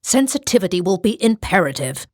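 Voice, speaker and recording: A woman's voice: deep voice, a little slow, dry recording, clean studio sound. A woman voicing a stern, formal male priest in an audiobook. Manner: formal, curt.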